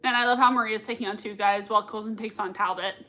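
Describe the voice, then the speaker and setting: A woman hosting a live reaction stream at home. She gushes excitedly, laughs often, and reads out viewer comments between her own reactions. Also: mid-range voice, fast. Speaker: livestream reaction host.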